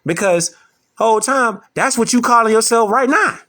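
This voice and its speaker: A man's voice: very high voice, normal speed, bright, forceful tone. A man lecturing his audience in an emphatic, preachy way, repeating rhetorical questions. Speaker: online lecturer. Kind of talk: preachy commentary to camera.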